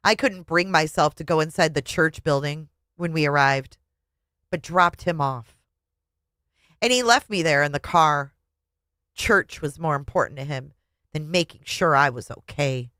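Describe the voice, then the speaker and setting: Expressive woman reading a memoir aloud. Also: low-pitched, no room sound. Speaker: book reviewer.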